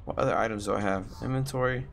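A man's voice: lowish voice, fast talker, gravelly, a little hiss or hum. A man commentating a horror game, scared and tense, swearing and talking to himself as he plays. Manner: jumpy, swearing, talks to himself while playing. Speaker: gaming YouTuber.

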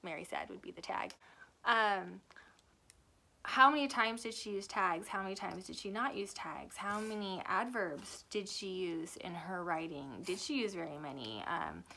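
A woman's voice: medium pitch, a bit bright, a little hiss or hum. A young adult woman and author giving a chatty, rambling book review that often corrects itself. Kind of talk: casual book review chat.

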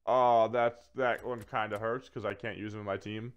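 A man giving casual commentary while opening packs in a video game, swearing freely and swinging between flat grumbling and excited shouts. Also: lowish voice, normal speed, clear, resonant tone, highs cut off. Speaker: gaming video creator.

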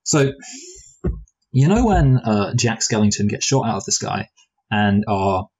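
A man with a low, somewhat husky voice talks through a film review in a loose, rambling way. He often restarts his sentences and drifts into playful what-if asides. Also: animated, a little slow, a little mellow, dull audio. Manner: rambling, hesitant, full of restarts and fillers. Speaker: film review podcast co-host. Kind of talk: casual film review chat.

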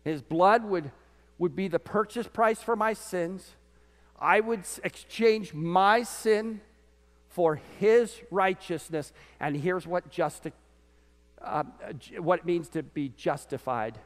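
Pastor guy preaching, pretty high voice, big church reverb, gets loud then drops way down. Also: takes it slowly. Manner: animated preaching, voice rising and dropping sharply. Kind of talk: sermon. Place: church sanctuary. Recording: church sanctuary with long reverb.

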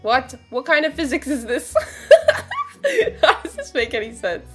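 A woman giving casual commentary while playing a video game, excitable and gasping, often dropping to quiet murmurs. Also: high-pitched, brisk, husky, faint music behind. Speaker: gaming streamer.

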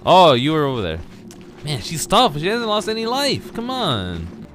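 Excitable man yelping over gameplay. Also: fairly high pitch, moderate pace. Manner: excitable yelps and shouts between muttered asides. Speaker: gameplay commentator. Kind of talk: casual let's play commentary.

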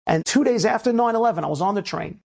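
A man from the United States, a rabbi, giving an inspirational talk that moves between lively storytelling and emphatic preaching. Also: quick pace, vocal fry. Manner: animated storyteller, swings between low asides and emphatic preaching.

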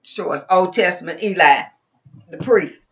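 A woman's voice: on the low side, a little slow, highs cut off. A woman preacher giving an informal, rambling sermon into a computer mic, with frequent restarts and asides.

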